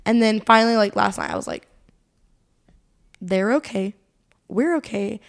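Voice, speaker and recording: A woman's voice: medium pitch, moderate pace, gravelly. A young woman, co-hosting a podcast and telling a long personal story in rambling, casual chat full of fillers and laughs. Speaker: podcast co-host.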